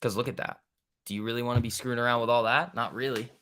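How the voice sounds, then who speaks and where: A young man with a bright, forceful voice runs casual live market commentary on a trading stream. He talks in loose bro slang, swears freely and banters with his chat as he reads the charts. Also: mid-range voice, steady tone, fast. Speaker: stock trading livestream host.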